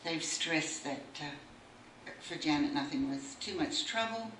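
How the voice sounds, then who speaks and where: A woman's voice: sits low, expressive, slow pace, distant mic. A woman giving a wry speech at a book launch and reading a poem aloud. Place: bookshop room. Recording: echoey room recorded from afar, faint noise.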